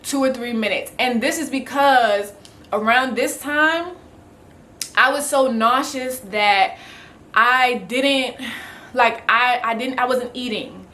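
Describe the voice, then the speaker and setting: A woman's voice: on the high side, slow, bright, forceful tone. A young pregnant woman chatting casually in a vlog, rambling with lots of fillers. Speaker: vlogger.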